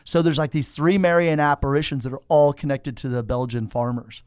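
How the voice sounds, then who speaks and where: A man's voice: mid-range voice, fairly even intonation, a little fast, a little mellow, smooth, dry recording, clean studio sound. A man, a priest, interviewing a guest in a joking, playful way, often trailing off mid-sentence. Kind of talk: casual chat.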